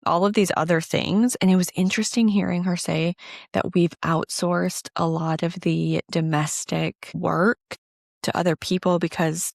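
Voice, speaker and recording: A woman's voice: on the low side, fairly even intonation, a little slow, gravelly, no room sound, studio quality. A woman co-hosting a podcast in casual chat, talking freely and saying "like" and "dude" a lot. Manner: chatty, conversational, says "like" and "dude" often. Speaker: podcast co-host.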